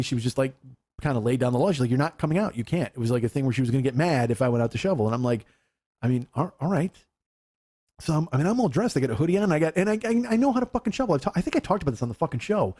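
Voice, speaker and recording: Fast-talking, animated male comedy podcast host. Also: medium pitch. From Chicago. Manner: animated storytelling, acts out voices, swears freely, laughs often. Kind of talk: casual comedic chat.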